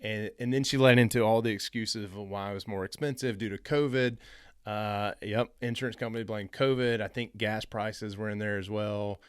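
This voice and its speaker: A man hosting a show on rental investing, telling a personal story in a casual, animated way and acting out the phone calls he describes. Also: fairly low pitch, normal speed, clean tone, no room sound, studio quality. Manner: animated, re-enacts phone calls in quoted voices. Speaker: real estate investing host.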